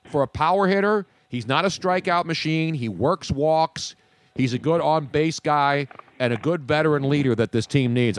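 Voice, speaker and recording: A man's voice: a little high, dry recording. A man hosting a sports talk show, chatting and joking with his co-hosts and callers. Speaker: sports radio host.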